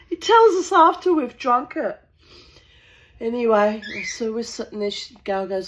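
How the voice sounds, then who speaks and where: A woman's voice: on the high side, sing-song, measured pace, fairly bright tone, low-quality recording. A woman from New Zealand telling a casual, rambling anecdote, blunt and sweary, with the odd cough.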